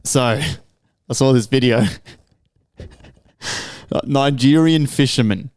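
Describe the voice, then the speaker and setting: A man's voice: mid-range voice, takes it slowly, dry recording, clean studio sound. A young Australian man co-hosting a podcast, telling a story in casual chat, swearing freely and full of slang. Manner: profane, animated storytelling with heavy slang. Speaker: podcast co-host.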